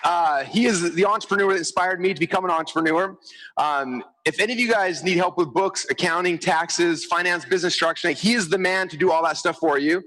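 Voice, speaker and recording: A man giving an energetic stage presentation to a live crowd, talking fast and acting out what people say. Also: high voice, poor audio. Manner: fast, excitable, acts out quotes. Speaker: speaker on stage. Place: large event stage.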